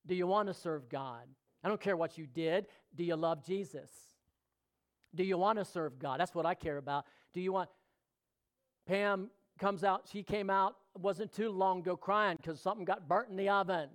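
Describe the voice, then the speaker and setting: High-voiced fervent male preacher. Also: moderate pace. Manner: fervent preaching that swings between loud exhortation and hushed intimacy; questions the congregation directly. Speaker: pastor. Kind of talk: sermon.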